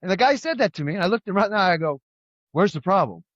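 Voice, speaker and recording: A man's voice: high-pitched, expressive, rapid-fire, no echo, lo-fi sound. A man co-hosting a podcast, chatting casually about politics and telling stories, rambling, repeating himself and firing off emphatic rhetorical questions. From California. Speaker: podcast co-host.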